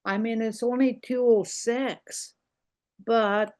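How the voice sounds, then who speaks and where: An older woman teaching a language lesson over a video call, repeating words slowly and explaining how they sound. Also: a little high, fairly even intonation, darkish tone. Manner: slow, repeats words carefully, explaining pronunciation.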